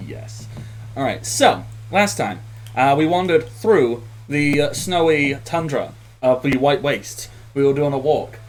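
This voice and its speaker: A man's voice: mid-range voice, expressive, measured pace, a little hiss or hum, low-quality recording. Chuckling game master man. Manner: laughs often, rambling with fillers. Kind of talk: casual recap of a tabletop game.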